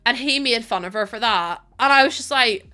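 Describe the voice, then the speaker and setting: A young woman with a British accent talks with her stream chat while she plays a game. Her voice sits a little high and sounds bright and sharp. She is chatty and expressive, swears without a second thought, and laughs easily. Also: moderate pace. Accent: British English. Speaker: live streamer.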